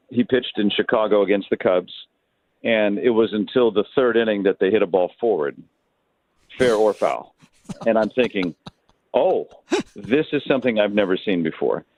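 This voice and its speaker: A man's voice: on the low side, no echo. A male baseball announcer from Detroit, chatting as a guest and telling stories with many restarts. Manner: rambling storyteller with many restarts. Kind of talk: casual phone interview storytelling. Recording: thin phone line.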